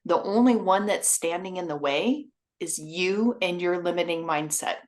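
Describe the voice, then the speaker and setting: A woman with a somewhat low voice speaks as a guest on a casual podcast. She talks about her work in a confident, direct manner. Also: normal speed, a little mellow. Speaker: guest consultant. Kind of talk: casual interview chat.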